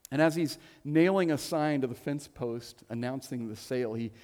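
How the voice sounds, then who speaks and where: A man's voice: mid-range voice, moderate pace, darkish tone. A middle-aged man preaching a sermon, telling a story with humor and often repeating words as he goes. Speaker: pastor. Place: church hall. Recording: long hall reverb.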